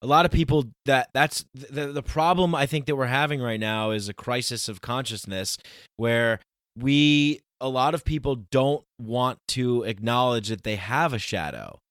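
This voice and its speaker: A man's voice: mid-range voice, a bit bright, smooth, no room sound, clean studio sound. Earnest man hosting a podcast. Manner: earnest, emphatic, slows down to stress points. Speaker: podcast host. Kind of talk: casual conversational podcast.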